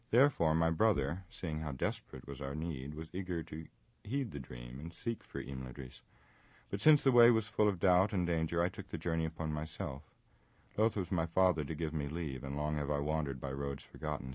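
A man's voice: a bass voice, a little mellow, dry recording. A man voicing a proud, grave warrior in earnest, formal storytelling.

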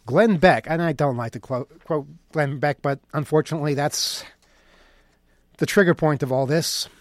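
A man's voice: on the high side, moderate pace, dry recording. A man delivering an opinion monologue in a sarcastic, mocking tone. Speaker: commentator.

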